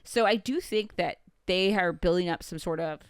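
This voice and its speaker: A woman's voice: lowish voice, moderate pace, clear, resonant tone, no echo, studio quality. A woman co-hosting a podcast in casual chat, rambling and hedging with many filler "like"s. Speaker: podcast co-host. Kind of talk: casual chat recapping a show.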